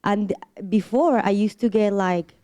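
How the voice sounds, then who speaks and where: A woman in a church group, telling her story in an earnest, halting way with many restarts. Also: mid-range voice, warm tone. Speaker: church member sharing a story. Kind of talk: casual testimony.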